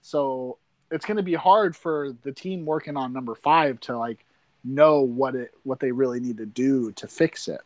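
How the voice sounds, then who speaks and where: A man's voice: medium pitch, normal speed, darkish tone, dry recording. A young man chatting casually about films as a podcast guest, easygoing and hesitant in his phrasing. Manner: easygoing, hesitant, many fillers and restarts. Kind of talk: casual film discussion.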